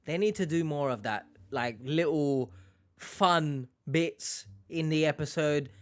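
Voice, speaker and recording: A man's voice: on the high side, slow pace. Sarcastic man reacting to a clip. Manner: sarcastic, joking asides. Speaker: reaction video host. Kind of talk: casual reaction commentary.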